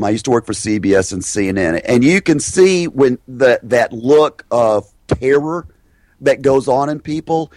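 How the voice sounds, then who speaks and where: A middle-aged man, a hypnosis trainer and guest, telling stories in an animated way and acting out the voices of the people in them. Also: medium pitch, dry recording. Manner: lively, acts out the voices of people in his stories. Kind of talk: animated storytelling in a podcast interview.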